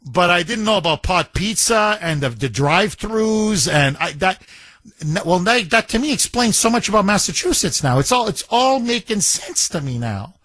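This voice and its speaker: A man's voice: sits high, very animated, moderate pace, fairly bright tone, dry recording. A man hosting a talk radio show, chatting animatedly with jokey asides and laughter. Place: radio studio. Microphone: studio microphone.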